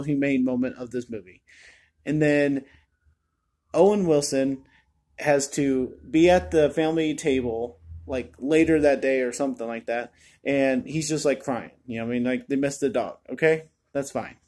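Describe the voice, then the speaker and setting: A man's voice: fairly high pitch, a little mellow. A man giving a casual spoken film review, exasperated and complaining, full of fillers. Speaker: movie reviewer.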